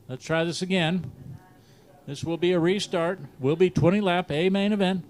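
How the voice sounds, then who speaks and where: High-voiced Southern track announcer. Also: male voice. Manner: joking, laughs at himself, reads lineups briskly. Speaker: race announcer. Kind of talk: live race commentary. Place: outdoor dirt race track.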